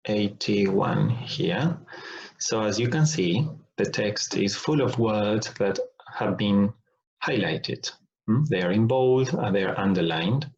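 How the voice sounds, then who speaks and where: Male phonetics teacher, slow and deliberate, repeats sample words, dull lo-fi sound. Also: fairly low pitch, lively intonation, vocal fry, a little mellow, a little hiss or hum. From Argentina. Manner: deliberate, repeats example words to show sounds, checks in with "all right?". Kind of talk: recorded online lesson. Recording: dull lo-fi recording.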